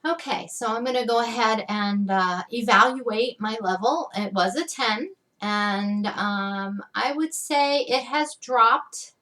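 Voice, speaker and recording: A woman's voice: on the high side, takes it slowly, few pauses, pushed and bright, recorded from a distance. A woman leading an EFT tapping lesson, talking to the viewer in a chatty way and saying her affirmation phrases with strong emphasis.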